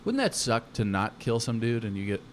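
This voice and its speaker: A man's voice: mid-range voice, sing-song, moderate pace, slight background noise. Crude teasing man on a podcast. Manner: crude, teasing, blunt jokes. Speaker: podcast co-host. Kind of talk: casual comedy podcast banter.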